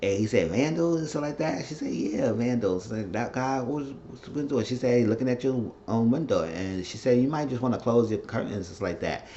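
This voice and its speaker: A man casually recapping a TV episode, retelling the scenes as quoted dialogue with profane, excitable asides. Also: medium pitch, fairly quick, hardly any pauses, slight background noise. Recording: dull lo-fi recording.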